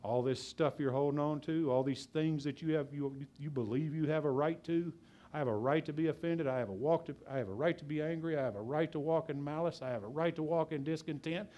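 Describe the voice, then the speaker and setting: Male pastor, fast and loud passionate preaching, drops into quiet low asides. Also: dull audio. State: out of breath. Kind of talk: sermon.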